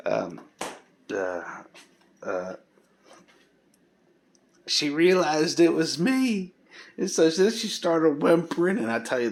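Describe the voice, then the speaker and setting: A man vlogging, telling a story in a casual, rambling way with many pauses and fillers and folksy, informal speech. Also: medium pitch, gravelly, a bit bright, a little hiss or hum.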